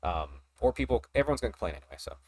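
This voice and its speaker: A man hosting a casual hobby podcast, talking in an excited, rambling way and laughing often. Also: lowish voice, rapid-fire, no room sound, studio quality. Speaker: podcast host.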